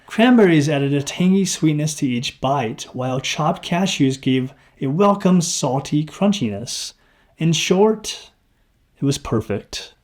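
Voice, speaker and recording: A man with a slightly high voice reads his own novel aloud in the first person, his throat sounding dry. He's expressive and acts out the dialogue.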